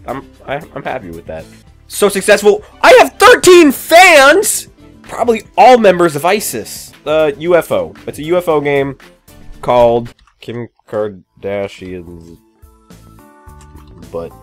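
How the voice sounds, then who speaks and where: Goofy man with an animated, jumpy voice. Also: mid-range voice. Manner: goofy, jokey, with sudden excited yelps. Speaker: gaming YouTuber. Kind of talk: comedic let's-play commentary.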